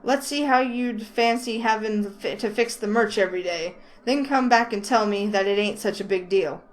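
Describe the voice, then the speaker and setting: A woman voicing a grumpy, blunt young male store clerk with a Southern accent, flat and stubborn. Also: medium pitch, moderate pace, natural voice, poor audio. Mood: scolding.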